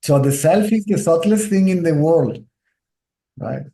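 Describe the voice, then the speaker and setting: Man, Indian-tinged English accent, spiritual teacher, patient explaining, warm low brightness, roomy echo. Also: a little slow, creaky. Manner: explains patiently, keeps checking with "right?". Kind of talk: nondual teaching talk.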